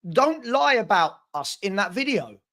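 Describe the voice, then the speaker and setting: A man's voice: high voice, big pitch swings, unhurried, sharp tone. Frustrated man ranting on a live stream. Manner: agitated, stammering restarts and repeated phrases. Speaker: football channel host.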